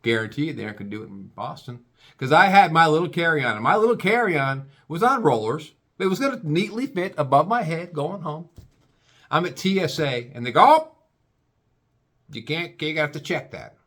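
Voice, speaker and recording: Lively, rambling, stammering man. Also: on the high side, brisk. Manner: stammering restarts, crude and profane. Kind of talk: rambling comic rant.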